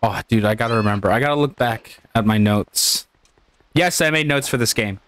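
A man hosting a casual let's-play, excitable and quick to swear, yelling and cheering as he plays. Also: medium pitch. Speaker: gaming channel host.

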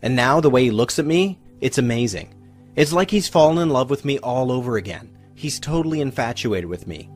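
A man's voice: medium pitch, animated, a little fast, darkish tone, soft background music, natural voice. A man voicing a grateful young married woman, bubbly and close to happy tears, gushing in a breathless retelling.

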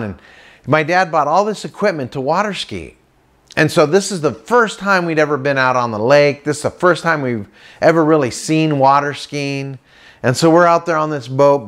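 A man doing stand-up comedy, telling a story with lively acted-out voices and sound effects. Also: on the high side, moderate pace. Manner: animated, acts out voices and boat sounds.

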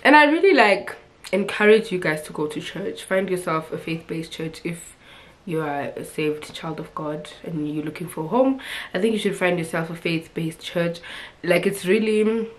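A young woman talks straight to her camera in a loose, expressive vlog chat. Her voice sits a little low for a woman, and she keeps it lively with laughs and fillers. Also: moderate pace. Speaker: vlogger.

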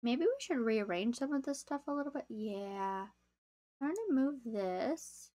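A young woman chatting casually to viewers as she plays a game on a live stream, easily excited. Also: a little high, measured pace.

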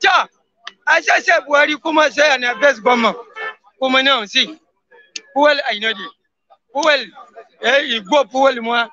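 A man's voice: extremely high pitch, a little slow, long pauses, bright, forceful tone, lo-fi sound. A man with a Nigerian Pidgin English accent giving an emphatic street interview, sprinkling his talk with oaths. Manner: emphatic pidgin English, swears wallahi often.

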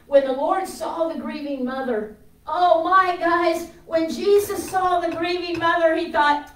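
A woman preaching a sermon with passion, swinging from loud declarations to hushed storytelling. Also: very high voice, unhurried, echoey room, far from the mic, low-quality recording.

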